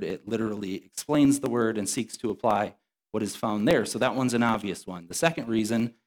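A man preaching a sermon as pastor, explaining his points in a conversational way with occasional restarts. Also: medium pitch. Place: church sanctuary.

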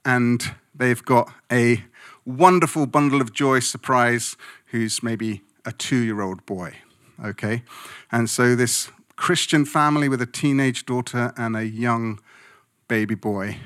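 A man's voice: mid-range voice, a bit bright. A man preaching a sermon as a pastor, speaking emphatically and conversationally, often checking in with his listeners.

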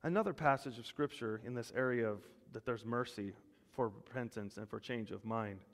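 Male pastor, mid pitch, emphatic preaching in a church hall with long reverb. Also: moderate pace. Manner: animated preaching, rising loud when voicing God's words. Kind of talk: sermon.

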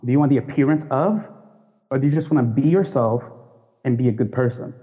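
A man's voice: medium pitch, a little fast. A man from the United States talking frankly in a casual discussion, restarting sentences and laughing easily. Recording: dull sound with long hall reverb.

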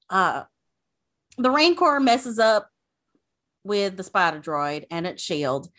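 A woman's voice: medium pitch, animated, extremely slow, pauses often, fairly bright tone. A woman casually recapping an episode, chatty and full of fillers. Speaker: podcast host recapping an episode.

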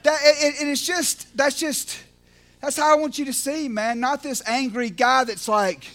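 A man with a drawl preaching with fervor in a notably high, bright voice. He drops to near-whispered prayer, then bursts into loud, fired-up shouts, tripping over repeated words as he goes. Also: measured pace. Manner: swings from hushed prayer to shouted excitement; repeats words and restarts, casual fillers like man and you know. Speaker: podcast speaker at a recovery ministry. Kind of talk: impassioned preaching.

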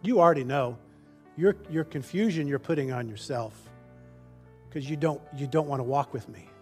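A man's voice: mid-range voice, moderate pace, darkish tone, soft background music. A male preacher giving a conversational sermon, often restarting phrases and acting out quoted complaints. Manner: conversational, restarts phrases, acts out the people's whining in a raised voice.

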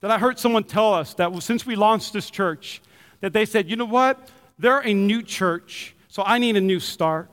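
A man preaching a sermon as pastor, telling a story with lively acted-out quotes. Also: high-pitched, normal speed. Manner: animated storytelling, acts out quotes with shouts. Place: church hall. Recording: reverberant hall.

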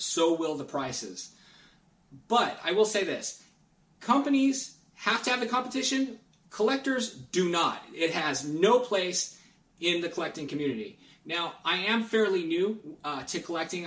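A man chats on a podcast, a touch higher-pitched than most, wandering through his points with restarts and fillers. His voice sits back from the mic in a roomy, echoing space. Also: a bit bright, recorded from a distance. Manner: rambling, earnest, many restarts. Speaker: guest collector. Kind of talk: casual podcast chat.

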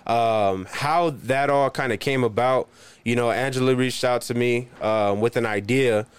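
A man's voice: mid-range voice, a little slow, clean tone, no room sound. Laid-back man chatting on a podcast. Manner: laid-back, lots of "you know" and "like", laughs often. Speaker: guest, local performer. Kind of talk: casual podcast chat.

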